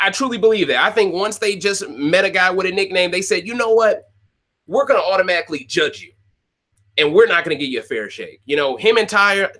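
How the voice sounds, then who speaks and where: A man delivers a casual, opinionated rant to his viewers, repeating his points for emphasis. His voice sits a bit high for a man. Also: pushed and bright. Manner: opinionated, repeats phrases, talks to viewers directly. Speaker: podcast host recapping a reality show.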